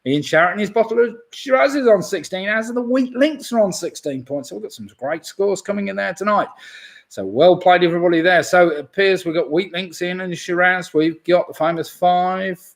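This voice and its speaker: A man's voice: high voice, a little fast, vocal fry. A man hosting a live online pub quiz, reading out answers and scores in a chatty way with jokey asides.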